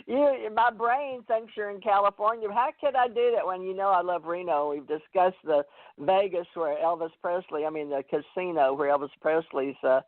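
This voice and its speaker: A man's voice: sits high, fairly even intonation, normal speed, no echo. Rambling man host on a tinny phone line. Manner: rambling, hesitant, many fillers. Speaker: radio show host. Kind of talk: casual call-in chat.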